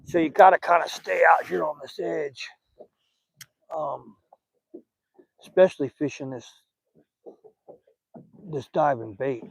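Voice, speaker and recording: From a small lake boat, an older Southern fishing host rambles on his live stream in a folksy way, chatting to viewers and even the fish. His voice is on the high side, creaky and husky, a little slow with frequent pauses. Recorded on a phone, the audio is poor, with no room sound.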